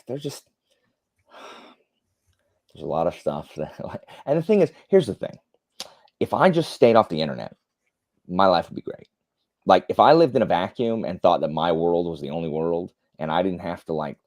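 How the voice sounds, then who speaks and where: A man with a very low voice hosts a casual live stream from home, reading viewer comments aloud as he goes. His talk rambles, full of fillers and restarts, with blunt opinions dropped in. The sound is close and dry, with no room around it. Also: a little mellow, no echo. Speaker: livestream host.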